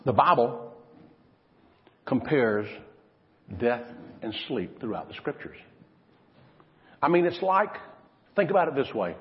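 Animated preaching man in a hall. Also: medium pitch, takes it slowly, pauses often. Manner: dramatic preaching, swinging from loud to hushed. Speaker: pastor. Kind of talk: sermon. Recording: lo-fi recording in a reverberant hall.

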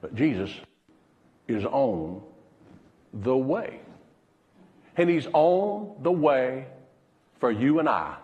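A man preaching a sermon as pastor, pausing dramatically and dropping to a hush when he quotes someone. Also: mid-range voice, very animated, long reverb tail, muffled recording.

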